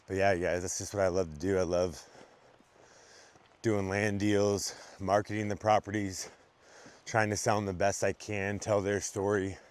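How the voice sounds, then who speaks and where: A man's voice: deep voice, little pitch movement, normal speed, clear, resonant tone. A man talking casually to camera while hiking a steep wooded trail, slightly winded, easygoing with a few ums. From Montana. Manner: easygoing and conversational, with filler ums. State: slightly out of breath from hiking uphill. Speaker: real estate agent vlogging. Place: outdoors on a wooded trail, windy.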